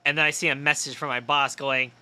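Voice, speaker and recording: A tired young man streaming a game, telling a story in a casual, animated way and swearing freely. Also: mid-range voice, quick pace, clean tone. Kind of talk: casual gaming stream chat.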